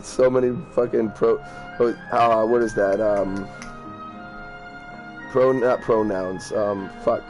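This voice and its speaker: A man's voice: lowish voice, fairly even intonation, takes it slowly, darkish tone, soft background music. A man casually commenting on a game he plays, reading its lines aloud, rambling, swearing and stumbling over hard words. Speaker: let's play gamer.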